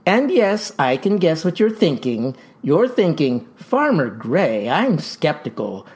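An actor playing a folksy farmer pitching a tonic in a comic ad, with verbose, showman's patter. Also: big pitch swings, takes it slowly. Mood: boastful pitch. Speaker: pitchman in a mock radio ad. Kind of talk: comic radio ad acting.

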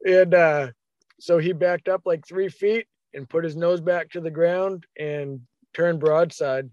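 A man telling a hunting story in a casual, animated way, acting out his own thoughts as quotes. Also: on the high side, measured pace, dry recording, lo-fi sound.

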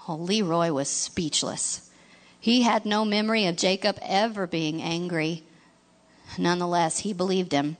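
A woman narrating a storybook in a gentle, expressive reading voice, now and then asking the listener questions. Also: on the low side, a little slow.

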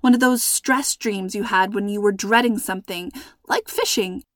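A woman's voice: medium pitch, normal speed, dry recording, clean studio sound, close to an everyday voice. Frightened young girl, read by a woman. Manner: breathless, pleading questions. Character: frightened young girl, kidnapped with her father. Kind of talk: storybook reading.

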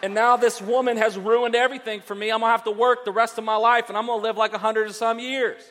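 A petulant, self-pitying man whines about his lot in a high, strained voice, played by a male preacher. He complains loudly and fast. It rings out through a big reverberant church hall. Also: flat delivery. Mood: exasperated. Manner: high, whining, exasperated complaint. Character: whiny adult man blaming his wife, playing Adam.

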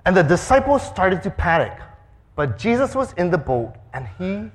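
A man's voice: high voice, normal speed. A man preaching a sermon, telling a story with acted-out sound effects and quoted voices. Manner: animated, acts out sounds and voices. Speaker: pastor.

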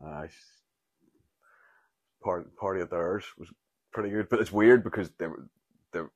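Low husky Northern Irish man. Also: measured pace, no echo. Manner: rambling, sweary storyteller who laughs often. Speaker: podcast host. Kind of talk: casual solo podcast rambling.

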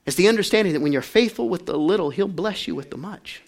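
A man pastor preaching a sermon, calling on the congregation to answer back and swinging from quiet talk to loud shouting. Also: sits high, lively intonation, quick pace, vocal fry.

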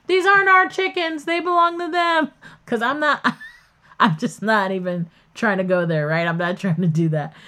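A woman's voice: medium pitch, a bit bright. A woman hosting a podcast, telling a story in a candid, chatty way that often wanders off topic. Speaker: podcast host. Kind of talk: casual storytelling.

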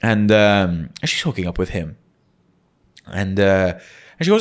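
A man's voice: low-pitched, sing-song, measured pace, long pauses. A young man from Malta, a comedian guest spinning loose, rambling stories in casual podcast chat, full of "like" fillers and acted-out quotes. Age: young adult. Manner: rambling storyteller, heavy "like" fillers, acts out quotes.

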